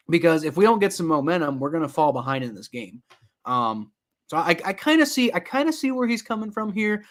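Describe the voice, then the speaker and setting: A young man giving casual live play-by-play reaction to a football game, rambling with many fillers and getting loud and exasperated at times. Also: fairly high pitch, big pitch swings, fairly quick. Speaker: sports reaction streamer.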